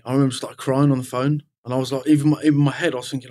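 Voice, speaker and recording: Guy on a podcast talking fast and rambly, swears loads, says "you know" a lot. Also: mid-range voice, little pitch movement, a little mellow. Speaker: podcast guest. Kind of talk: candid casual conversation.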